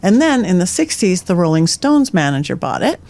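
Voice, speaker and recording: This middle-aged woman is a psychic medium guesting on a podcast, telling ghost stories with energy and laughing at her own lines. Her lowish voice swings widely in pitch, moves at a normal speed, and sounds a little mellow.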